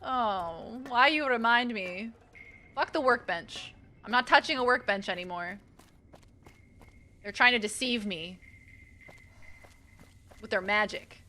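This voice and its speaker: A woman's voice: fairly high pitch, slow pace, long pauses, sharp tone. A young woman with a Boston accent chatting casually to her viewers while she plays a game, self-mocking and talkative. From Boston area. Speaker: streamer. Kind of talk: casual gameplay commentary.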